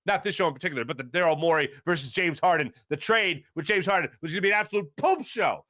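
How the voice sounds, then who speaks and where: A man hosting a sports talk show, ranting with strong opinions and swinging between low grumbles and loud outbursts. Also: animated, fast talker, few pauses, no echo, clean studio sound. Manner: mocking put-on fan voice at times. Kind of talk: opinionated sports radio rant.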